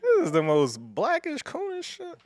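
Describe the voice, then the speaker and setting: A young man co-hosting a podcast, making quick jokes and swearing in casual chat. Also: very high-pitched, wildly swooping pitch, darkish tone, no room sound, clean studio sound. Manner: quick, wisecracking, swears freely. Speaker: podcast co-host.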